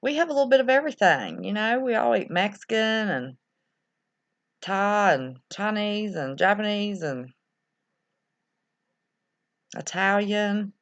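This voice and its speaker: A woman with a mid-range voice hosts a casual livestream, rambling and reacting out loud as she reads viewer chat. She's very animated but keeps a measured pace and pauses often. The audio is lo-fi and slightly dull.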